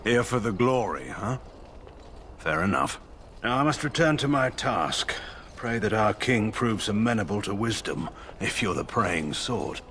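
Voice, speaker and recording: Dry condescending lord, low voice, swoops up and down a lot. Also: male voice, animated, a little slow, a bit bright, a little hiss or hum. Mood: cool. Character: proud, scheming male nobleman in a game. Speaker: game character, a lord.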